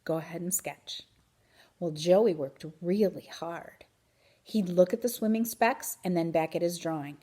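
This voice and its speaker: A woman reading a children's book aloud in an expressive, animated way. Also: fairly low pitch, unhurried. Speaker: reader. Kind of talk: storybook read-aloud.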